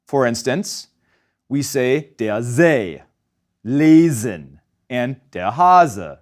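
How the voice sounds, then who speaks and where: This man speaks in a mid-range voice, teaching German pronunciation from a script. He's lively, easing his pace whenever he demonstrates a sound.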